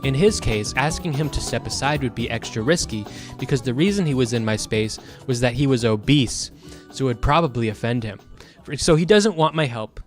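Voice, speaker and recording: Profane ranting man. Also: mid-range voice. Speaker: streamer. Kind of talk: casual chat.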